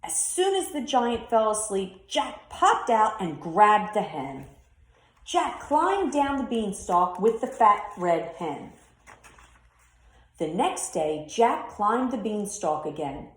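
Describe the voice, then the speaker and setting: A woman teacher reads a children's story aloud in an expressive storytelling voice. She takes her time, and her pitch rises and falls a lot. The sound is roomy and echoing. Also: takes it slowly. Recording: roomy echo.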